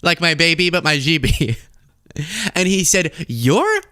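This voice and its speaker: A man's voice: a little high, very animated, measured pace, pushed and bright, clear, resonant tone. An older man telling a rambling, boastful anecdote, repeating himself. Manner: rambling, repetitive.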